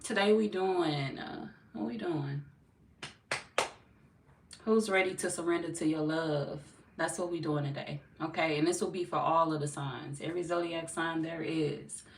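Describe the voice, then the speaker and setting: A woman hosts a tarot live stream, her low voice a little hoarse and loose with slang and swearing. She sits back from the mic in an echoey room, with a faint hiss underneath. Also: fairly even intonation, unhurried, far from the mic. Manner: casual, greets viewers by name, swears freely. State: slightly hoarse, feels she is losing her voice. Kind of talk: casual live-stream chat and tarot reading.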